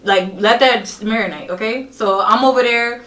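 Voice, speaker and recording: Young woman, podcast guest, bright sharp tone, animated and profane storyteller, recorded from a distance. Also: fairly high pitch, moderate pace. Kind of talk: casual storytelling. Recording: roomy echo, distant mic.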